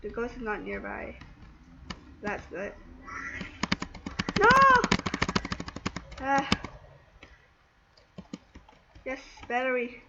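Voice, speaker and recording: A woman commenting while she plays a video game, muttering to herself and breaking into panicky, excitable outbursts. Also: a little high, very slow, gravelly, pauses often. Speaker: gaming video creator. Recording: dull lo-fi recording with faint noise.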